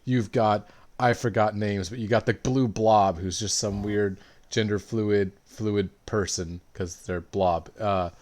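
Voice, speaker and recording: A man, a player in a tabletop game, recapping the last session in a rambling, excitable way full of fillers. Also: fairly low pitch, a little slow.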